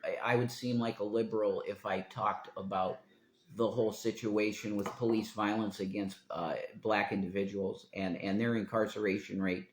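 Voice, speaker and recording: A man with a low-pitched voice rambles through a live stream, drifting between thoughts and swearing freely. He often trails off mid-sentence. The sound is roomy, with a clear echo around his voice. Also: level tone, normal speed. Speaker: livestreamer.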